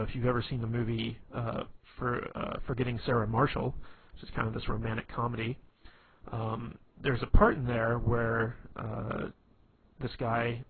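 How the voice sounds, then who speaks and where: A man giving casual instructional advice in a rambling way, with many fillers and restarts. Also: medium pitch. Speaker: dating advice talker. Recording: tinny phone-like audio with faint hiss.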